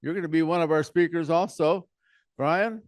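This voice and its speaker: Guy running a club meeting, rambly, slightly high voice, dry close sound. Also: normal speed, no echo. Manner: rambling, with frequent restarts. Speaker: meeting chair. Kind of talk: casual meeting talk.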